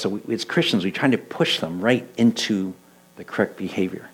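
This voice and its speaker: A middle-aged man and church elder preaching a conversational sermon, telling stories with lively quoted voices. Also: lowish voice, normal speed, husky, poor audio. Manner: animated storytelling, voicing quoted people. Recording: mains hum in the background.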